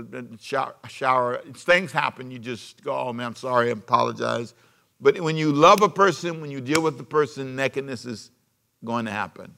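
Gravelly bright-voiced male pastor preaching. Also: medium pitch. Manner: preaching with sudden swings from loud emphasis to hushed asides. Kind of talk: sermon.

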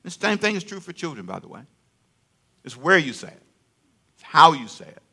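A man's voice: on the high side, sing-song, fairly quick, vocal fry, pushed and bright, breathy edge. An older man preaching a sermon in a conversational way, repeating phrases and getting the congregation to answer him aloud.

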